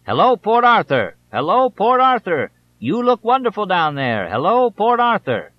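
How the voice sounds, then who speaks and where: A man voicing a loud, excited male Texas politician shouting high and strained to crowds, in a slightly dull audiobook recording. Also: brisk, no room sound.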